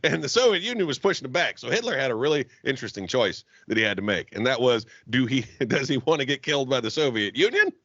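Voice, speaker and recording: A man co-hosting a podcast, with a husky but bright, sharp tone and a lively, up-and-down delivery. He laughs and curses freely through casual banter. The recording is dry and a bit dull and lo-fi. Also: mid-range voice, quick pace, few pauses, dry recording. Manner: loud, laughing, swearing a lot. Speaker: podcast co-host.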